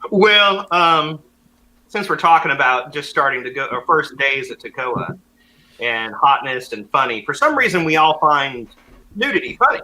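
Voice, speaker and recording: A young man co-hosting a casual podcast, bright and ringing, with a voice that leaps around. He tells the story animatedly and throws in little impressions of the people he met. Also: on the high side, moderate pace, a little hiss or hum, low-quality recording. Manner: animated, acts out voices and laughs often. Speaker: podcast co-host.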